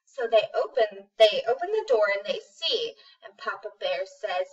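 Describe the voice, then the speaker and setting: A woman telling a children's story in a relaxed, unhurried way. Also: mid-range voice, distant mic, muffled recording. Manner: relaxed, unhurried with some ums. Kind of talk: casual storybook narration.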